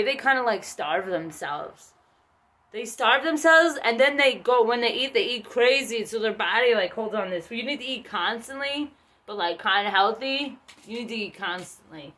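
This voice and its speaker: Bright, chatty, profane woman tarot reader. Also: fairly high pitch. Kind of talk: casual tarot reading vlog.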